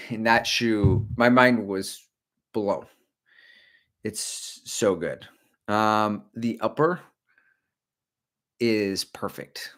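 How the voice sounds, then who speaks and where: Brief: middle-aged male host, casual rambling livestream chat, slightly low pitch, jokey asides. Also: a bit bright. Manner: rambling, jokey, talks to viewers; slips briefly into silly character voices. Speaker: running channel host.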